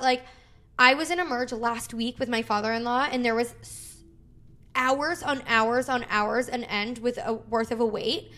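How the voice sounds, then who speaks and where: 30s woman podcasting, animated storytelling, cusses, acts out quotes, kinda high voice. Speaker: podcast co-host. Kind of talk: casual chat.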